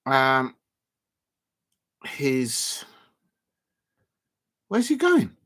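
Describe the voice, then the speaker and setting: A man hosting a casual live stream, calling a snooker match in a chatty, rambling, self-deprecating way with lots of filler pauses. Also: medium pitch, huge pitch swings, fairly bright tone. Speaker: YouTube live-stream host.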